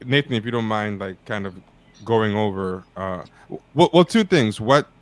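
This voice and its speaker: Male livestream host, low voice, halting stumbling delivery. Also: animated. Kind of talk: casual livestream chat.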